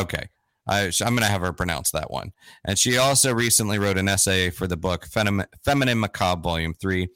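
A man's voice: lowish voice, sharp tone, no echo. A man hosting a live-streamed interview, chatty and self-deprecating, with frequent fillers and restarts. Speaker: host.

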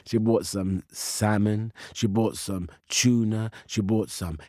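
A man telling a children's story with slow, lively, expressive narration into a close mic. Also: on the low side, dry recording.

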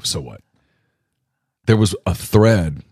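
A man from Louisiana co-hosting a casual sports podcast, rambling and self-deprecating, quick to laugh. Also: deep voice, animated, darkish tone, slightly rough, no echo, studio quality. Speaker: podcast co-host.

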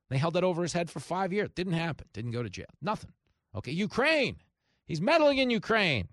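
A man's voice: high-pitched, sing-song, brisk, fairly bright tone, no room sound, clean studio sound. A man hosting a radio talk show, delivering a heated, sarcastic opinion monologue. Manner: heated, sarcastic, mocking voices of opponents.

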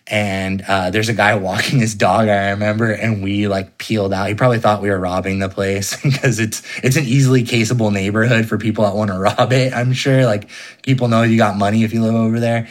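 A young man telling a personal ghost story in an interview, rambling casually with lots of fillers. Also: fairly low pitch. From California.

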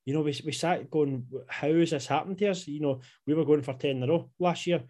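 A man's voice: a little high, a little fast, a little mellow. A young Scottish man co-hosting a casual podcast, laid-back and bantering, calling his co-host "mate". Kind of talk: casual chat. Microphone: podcast microphone.

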